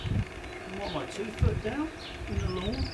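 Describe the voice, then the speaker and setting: A man chatting casually as a bushcraft vlogger in his garden, rambling and self-mocking, often slipping into high coaxing talk for his pets. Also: a little slow. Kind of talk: casual chat while working outdoors. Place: home garden outdoors. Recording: noisy outdoor garden recording.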